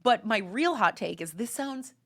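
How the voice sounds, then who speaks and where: Animated, high-pitched woman host. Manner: animated, emphatic, fast with many fillers. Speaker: podcast host. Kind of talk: casual chat.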